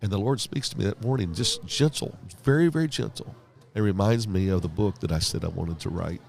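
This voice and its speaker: Deep gravelly sounding preacher man. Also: a little fast. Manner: animated storyteller, acts out quoted dialogue. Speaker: guest pastor and leadership author. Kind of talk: storytelling in a podcast interview.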